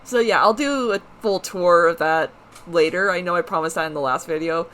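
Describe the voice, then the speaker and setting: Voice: medium pitch, normal speed, bright, forceful tone. A let's play host giving casual, rambling commentary with frequent self-corrections and asides.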